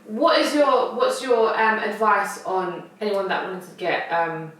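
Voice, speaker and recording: A woman's voice: medium pitch, animated, unhurried, a bit bright. Rambling woman host, echoey and far. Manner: rambling, loses her words, laughs it off. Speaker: podcast co-host. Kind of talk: casual chat. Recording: roomy echo, distant mic.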